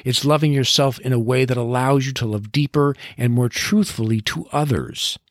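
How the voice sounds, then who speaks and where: Here a middle-aged man coaches listeners on his motivational podcast, earnest and encouraging, now and then chuckling at himself. His mid-range voice moves at a moderate pace, and the studio recording has no room sound.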